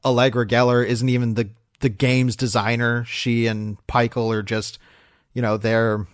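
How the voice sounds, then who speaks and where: A man co-hosts a film podcast in a loose, rambling way, full of fillers and half-finished starts. His voice sits at an ordinary middle pitch. The room is very dry, with no echo at all. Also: flat delivery, moderate pace. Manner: rambling, many fillers and restarts, laughs often. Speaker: podcast co-host. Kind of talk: casual film review chat.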